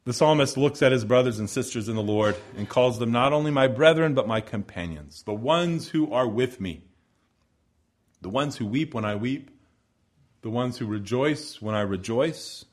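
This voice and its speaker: A man delivering a sermon at a mid-range pitch, earnest and measured. He slows down to stress key words and reads scripture passages aloud in a steady preaching cadence. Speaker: pastor.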